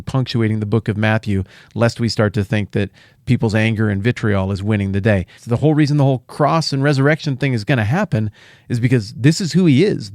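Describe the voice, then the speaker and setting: A middle-aged man hosting a podcast, teaching the Bible in a casual, animated way with jokey asides and playful paraphrases. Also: medium pitch, dry recording, clean studio sound.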